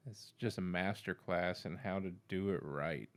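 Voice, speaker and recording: A man's voice: deep voice, moderate pace. A man co-hosting a casual episode review, blunt and laid-back, swearing now and then. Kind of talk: casual chat.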